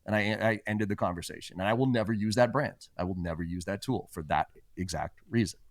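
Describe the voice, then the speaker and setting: A man's voice: fairly low pitch, fast talker, hardly any pauses, no room sound, clean studio sound. A man who is a guest on a podcast about sales, telling stories in a blunt, emphatic and often profane way. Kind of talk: casual interview chat.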